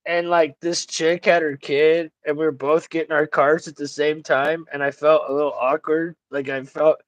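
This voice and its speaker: A man hosting a livestream talks in a crude, joking way and laughs a lot, often slipping into mock voices. His voice sits high for a man, and the sound is dry. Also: little pitch movement, normal speed, dry recording, muffled recording. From Italian family background. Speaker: livestream host. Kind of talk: casual chat.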